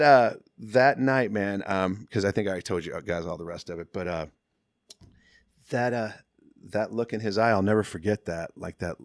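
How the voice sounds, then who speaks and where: A middle-aged man, a podcast guest, telling stories in a casual, slangy, animated way and acting out what other people said. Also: low-pitched, no echo, clean studio sound. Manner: animated, slangy, acts out quotes. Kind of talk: casual storytelling.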